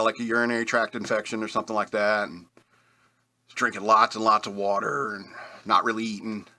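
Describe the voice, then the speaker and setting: A man's voice: lowish voice, bright, forceful tone. A man hosting a radio show, telling rambling personal stories in a casual, self-deprecating way with chuckles. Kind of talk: casual storytelling.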